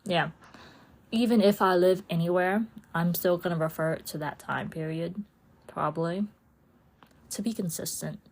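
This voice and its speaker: A woman chats through her solo podcast at an unhurried pace. Her voice sits a little low. She rambles warmly, laughing often and slipping into playful voices for her own inner thoughts. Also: vocal fry. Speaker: podcast host. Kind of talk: casual solo podcast chat.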